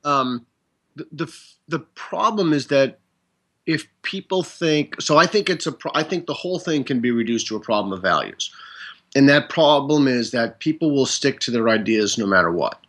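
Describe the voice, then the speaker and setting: A man with a medium-pitched voice, speaking as a guest in a relaxed interview. He lays out his points through step-by-step examples and often interrupts his own line of thought. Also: moderate pace. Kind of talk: conversational interview.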